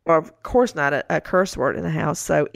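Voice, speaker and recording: A woman's voice: deep voice, normal speed, creaky, no echo, studio quality. A middle-aged woman co-hosting a podcast, telling stories with incredulous outbursts. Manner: storytelling, quoting her kids with incredulous outbursts. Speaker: co-host. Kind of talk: animated true-crime podcast chat.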